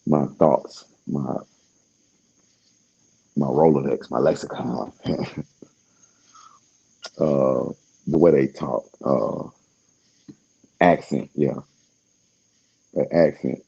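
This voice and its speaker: A man with an extremely deep, dark voice talks in a loose, rambling monologue. His tone is gravelly and husky, and he is laid-back and slangy, often trailing off into fillers. The recording sounds dull and lo-fi. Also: fairly even intonation, extremely slow, long pauses.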